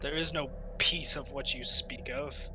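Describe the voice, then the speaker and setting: A man speaking in character at a tabletop game, earnest and serious. His voice is very bright and tense, slightly higher than average. Faint noise sits underneath. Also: fairly even intonation, measured pace, low-quality recording. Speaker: player. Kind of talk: in-character tabletop role-play.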